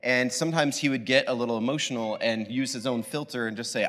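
A man's voice: mid-range voice, fairly quick, fairly bright tone. Guy preaching, chatty and rambly, lots of likes and ums, big echoey hall. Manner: casual, rambling, many fillers and restarts. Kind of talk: sermon. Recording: long hall reverb.

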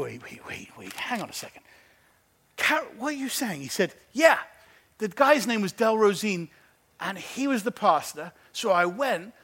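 Male pastor, high voice, bright tone, animated storytelling sermon. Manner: animated, acts out phone conversations. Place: church.

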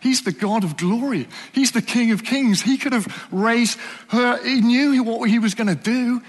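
A man preaching a sermon in a church, earnest and questioning, often dropping to soft, slow emphasis. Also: extremely high pitch, long reverb tail.

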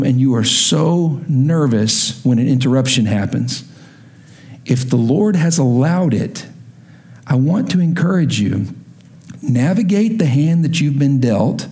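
A man preaching a sermon to his congregation, telling stories with lively acted-out quotes. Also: medium pitch. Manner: animated storytelling with acted-out quotes. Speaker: pastor.

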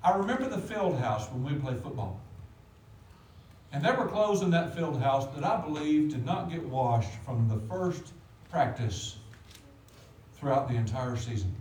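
A man preaching a sermon as pastor, animated, with big swings in loudness. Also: on the high side, far from the mic. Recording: echoey room, voice from off the mic.

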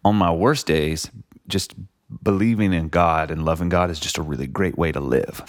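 A man's voice: low-pitched, moderate pace, no echo, clean studio sound. A man talking reflectively in a casual conversation, rambling with lots of "like" and "you know". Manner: reflective, rambling, many likes and you knows.

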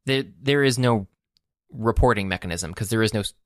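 A man's voice: lowish voice, fairly quick, no echo, clean studio sound. A man co-hosting a podcast, chatting casually about tech, rambling with many fillers and restarts. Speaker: podcast co-host.

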